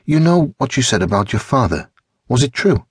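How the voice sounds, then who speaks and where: Timid teenage girl in an audiobook, a male narrator raising his voice, soft, wavering, husky, dry. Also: medium pitch, very animated, moderate pace, dry recording, voice pushed up, heavily acted. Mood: curious.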